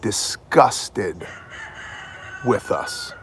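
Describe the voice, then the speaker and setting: A man's voice: lowish voice, lively intonation, extremely slow, slight background noise. A man hosting his own news show, delivering opinionated commentary in an emphatic, sometimes mocking way. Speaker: host of an independent news show.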